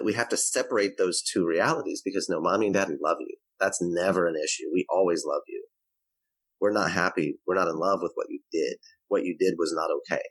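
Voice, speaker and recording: A man's voice: low voice, slightly rough, dry recording, rough recording. A man talking as a guest on a parenting podcast, explaining in a coaching tone. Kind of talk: podcast interview.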